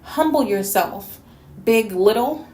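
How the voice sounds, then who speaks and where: A woman from New York City delivers a blunt, scolding rant with plenty of sass in her slightly high voice. The sound bounces around a reverberant room. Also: lively intonation, takes it slowly, mellow. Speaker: YouTube reactor and host. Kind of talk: response video rant.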